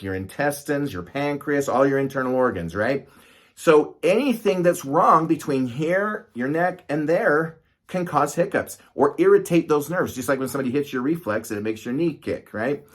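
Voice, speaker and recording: Middle-aged male physician, casual explainer who is talky and checks in with listeners. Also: medium pitch. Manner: conversational, asks "right?" often, gestures to demonstrate. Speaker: doctor explaining medicine.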